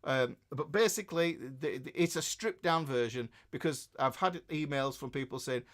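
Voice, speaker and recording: Hosting a guitar livestream, a northern English man reads out viewer comments in casual, rambling chatter full of fillers and restarts. His voice sits on the high side, moving at normal speed with few pauses.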